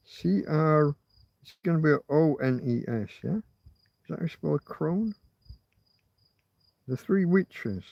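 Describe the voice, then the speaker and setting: A man's voice: fairly high pitch, animated, measured pace, gravelly, long pauses, no echo, dull audio. A man hosting a livestream, thinking aloud in rambling casual chat, often muttering and swearing to himself. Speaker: livestream host.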